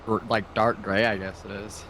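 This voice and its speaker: A man's voice: fairly low pitch, level tone, normal speed, fairly bright tone, slight background noise, low-quality recording. A man playing along with a friend, telling rambling stories and laughing often in casual chat. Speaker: co-player. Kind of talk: casual chat while gaming.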